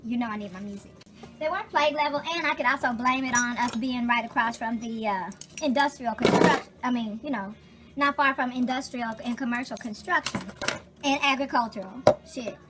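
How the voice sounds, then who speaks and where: A loud emotional woman over kitchen music. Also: a little high, a little fast. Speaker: vlogger. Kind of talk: casual chat. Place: home kitchen. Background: music playing.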